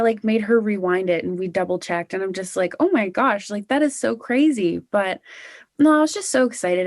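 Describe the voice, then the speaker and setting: A woman's voice: fairly low pitch, darkish tone, no room sound. Chatty young woman singer, dry sound. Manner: bubbly, chatty, with many "like" and "you know" fillers. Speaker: country singer-songwriter guest. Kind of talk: casual interview chat.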